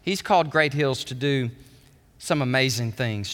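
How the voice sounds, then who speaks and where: A man preaching a sermon as pastor, animated, dropping low and soft and then climbing high and loud. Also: normal speed. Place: church sanctuary. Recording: church hall reverb.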